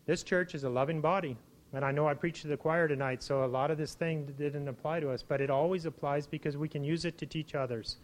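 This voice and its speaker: A man giving an informal sermon to his church, conversational, with frequent restarts and animated exclamations. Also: a little high, fast talker. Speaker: preacher.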